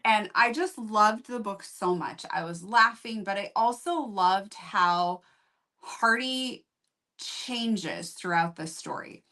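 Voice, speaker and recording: A woman's voice: medium pitch, slow pace, bright, forceful tone. A woman hosting a book review show, chatting casually and candidly, with rambling asides. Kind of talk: casual chat.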